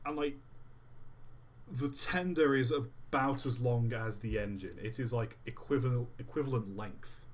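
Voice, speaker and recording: A man talks casually on a live stream as he tinkers with a build. He rambles and breaks off mid-thought, his pitch sitting in an ordinary middle range. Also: unhurried. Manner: rambling, distracted, thinks aloud mid-task.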